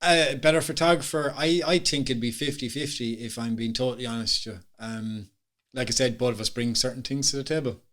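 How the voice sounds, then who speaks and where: A man's voice: medium pitch, a little fast, a bit bright. A man with an Irish accent co-hosting a podcast, chatting casually and teasing himself and his friend. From Ireland. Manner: joking, self-mocking, chatty. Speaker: podcast co-host. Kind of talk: casual chat.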